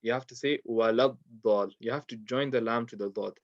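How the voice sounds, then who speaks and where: Teaching Quran recitation rules in a web lesson, a fast-talking man explains in a relaxed way, with frequent ums, and models the sounds himself. His voice is medium-pitched, captured in a dull, lo-fi, dry recording.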